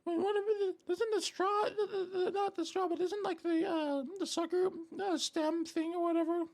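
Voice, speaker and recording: A man's voice: very high-pitched, fairly even intonation, moderate pace, pitched above the performer's own voice. A man voicing an imagined chat viewer, squealing and stammering out fussy questions with a candy in his mouth. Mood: nitpicking.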